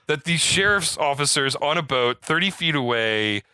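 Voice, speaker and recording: With a clear, resonant voice at normal speed and no room sound, a man co-hosting a podcast retells a film scene by scene. He's animated and casual, acting out the characters' lines with rising pitch.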